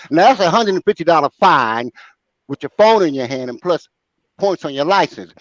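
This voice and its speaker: A man's voice: on the high side, moderate pace, no echo. An older man hosting a talk show, telling a funny story with lots of laughter and acted-out voices. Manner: animated, bursts into laughter, acts out voices. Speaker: show host. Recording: dry, dull lo-fi sound.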